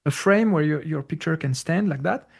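A man speaking English as a second language, explaining spiritual ideas in a casual, halting way with many fillers and searches for words. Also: fairly high pitch, gravelly, a little mellow, slightly rough. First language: not English. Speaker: spiritual teacher. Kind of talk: casual conversational talk.

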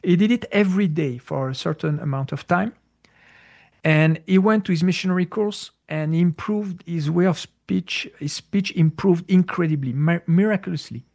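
A man speaking English as a second language, explaining spiritual ideas in a casual, halting way with many fillers and searches for words. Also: a little high, creaky, darkish tone. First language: not English. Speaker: spiritual teacher. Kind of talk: casual conversational talk.

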